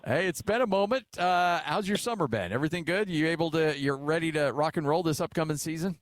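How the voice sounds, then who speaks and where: A middle-aged man co-hosting a sports radio show, chatting casually and telling animated stories full of filler uhs. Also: fairly high pitch, fast. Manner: animated storyteller, acts out quotes with filler uhs. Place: radio studio. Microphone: studio microphone.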